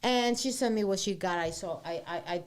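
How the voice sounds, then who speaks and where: Woman, mid-pitched, lively bilingual storyteller, salty-mouthed guest. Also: a little fast. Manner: animated storytelling, switching between English and Spanish, swears freely. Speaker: guest singer-songwriter. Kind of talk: casual interview chat.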